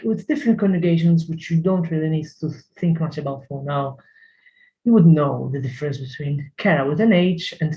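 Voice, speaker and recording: A man's voice: a little high, lo-fi sound. A man teaching a language lesson, carefully repeating words to model pronunciation, often hesitating.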